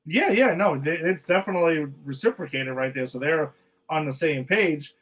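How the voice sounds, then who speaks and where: A man with a slightly high voice talks through the latest TV episodes with his co-host. He rambles, restarts his sentences and retells scenes by quoting the characters. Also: moderate pace, a bit bright, low-quality recording. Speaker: podcast co-host. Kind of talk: casual chat recapping TV episodes.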